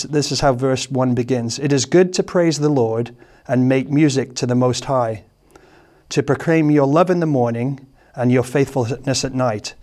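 A man preaching a sermon, explaining a psalm in a halting, searching way and often repeating words, then reading scripture slowly. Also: mid-range voice, darkish tone. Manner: slow, measured scripture reading.

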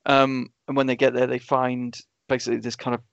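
Male podcast co-host, easygoing and halting delivery; dull dry recording. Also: mid-range voice, gravelly, clear, resonant tone, dry recording. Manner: relaxed, hesitant with many ums. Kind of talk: casual film review chat.

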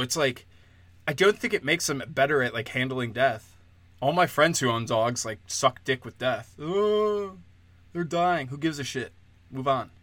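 Crude, sardonic man with a bright voice. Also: mid-range voice, no room sound. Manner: mocking, slips into sarcastic quoted voices. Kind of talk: casual podcast rant.

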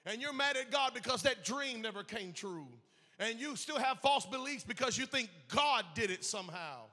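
Pastor guy preaching, really high voice, bright and tense, big church echo. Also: expressive, moderate pace. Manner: passionate, emphatic preaching with repetition. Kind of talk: sermon. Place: church sanctuary. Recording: echoey church hall.

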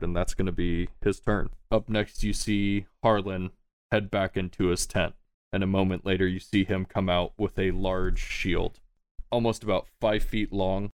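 Man, game master, casual tabletop narration, low voice, dead dry recording. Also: no room sound. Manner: casual, laughs often, swears freely.

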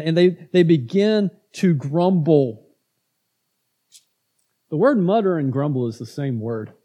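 A pastor with a mellow, high-leaning voice preaches a conversational sermon. He asks his congregation questions and acts out grumbling crowds.

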